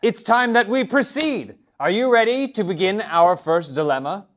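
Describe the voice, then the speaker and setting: A man's voice: high voice, animated, normal speed, fairly bright tone. A man voicing a pompous male council leader in tabletop role-play, speaking in formal, archaic phrases. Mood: stately.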